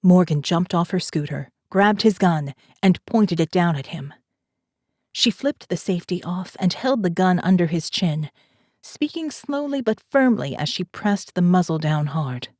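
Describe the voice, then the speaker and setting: A woman with a fairly low voice reads a thriller audiobook in a steady, measured way. The recording is dry and close, with no room sound at all. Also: no echo. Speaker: audiobook narrator. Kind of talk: scripted narration.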